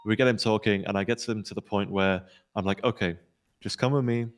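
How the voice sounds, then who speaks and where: A man playing a police officer, recounting a tense incident in a quick, storytelling way and acting out what people said. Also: fairly low pitch, steady tone. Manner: rapid storytelling, acts out quoted lines. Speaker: police officer in role-play. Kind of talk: in-character debrief recounting an incident.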